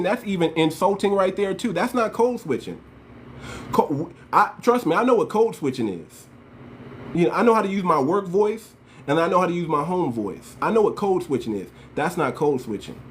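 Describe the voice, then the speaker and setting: An American channel host with a highish voice speaks straight to his viewers, a little hiss or hum in the background. His political commentary is heated, slangy, emphatic, and repetitive.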